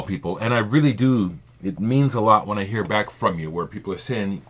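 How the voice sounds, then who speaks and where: Impassioned low-voiced man with lively pitch. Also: normal speed. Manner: emphatic and rambling, repeats points, swears. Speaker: vinyl community video maker. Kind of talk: impassioned monologue to camera.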